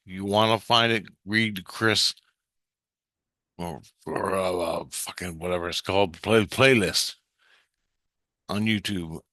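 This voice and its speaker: A man's voice: low-pitched, fairly even intonation, slow pace, long pauses, bright, forceful tone, no echo, studio quality. A man rambling through a profane, intense monologue about his spiritual experiences.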